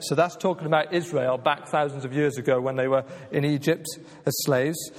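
A man preaching with earnest, emphatic conviction, his voice sitting a little higher than most men's. His words ring out with a long reverb tail, as if spoken in a large hall. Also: fairly even intonation, brisk, few pauses. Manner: earnest, emphatic, repeats "just maybe" and "right?". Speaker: pastor. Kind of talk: sermon.

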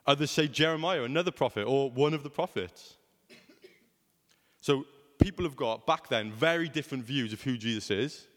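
A man's voice: medium pitch, normal speed. Young man, preaching, chatty, rhetorical questions, long echo in a church hall. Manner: conversational, asks rhetorical questions. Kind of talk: sermon.

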